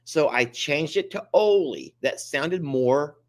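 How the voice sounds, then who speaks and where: A man's voice: on the high side, animated, takes it slowly. A man, co-hosting a casual chat and rambling in a self-mocking, chatty way. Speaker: co-host of an animal sanctuary channel.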